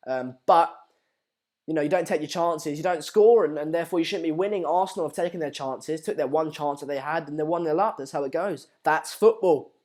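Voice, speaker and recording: Young male streamer with a slightly high voice, chatty and informal, riffing on viewer comments. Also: brisk, darkish tone. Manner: chatty, reads out viewer comments with lots of fillers. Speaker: live-stream watchalong host. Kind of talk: casual live-stream commentary.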